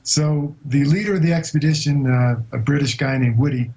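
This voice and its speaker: A man being interviewed as a guest explorer, telling a long story in a vivid but halting way with many hesitations. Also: mid-range voice, gravelly, darkish tone, muffled recording. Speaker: guest explorer recounting an expedition.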